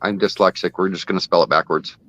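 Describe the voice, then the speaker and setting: A man's voice: low-pitched, fairly even intonation, fast, a bit bright, no room sound. A man chatting on a live stream, rambling through his explanations with lots of fillers. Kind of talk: casual live-stream chat.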